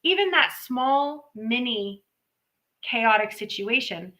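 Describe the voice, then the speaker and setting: A woman's voice: fairly high pitch, animated, takes it slowly, bright, forceful tone, rough recording. A woman hosting a live intuitive reading stream, talking in a chatty, rambling way with playful asides. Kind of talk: casual live-stream talk. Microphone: live stream microphone.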